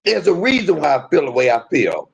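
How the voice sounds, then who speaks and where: A man hosting a livestream, venting in an aggrieved rant that swings between loud outbursts and low muttering. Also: wildly swooping pitch, a little fast, vocal fry, slightly rough, highs cut off. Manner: swears freely, talks straight to viewers. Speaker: livestream host.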